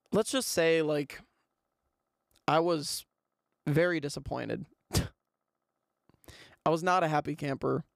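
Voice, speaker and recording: A young man hosting a podcast, telling a rambling, animated story in a casual way. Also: a little high, extremely slow, creaky, pauses often, no echo, clean studio sound. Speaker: podcast host.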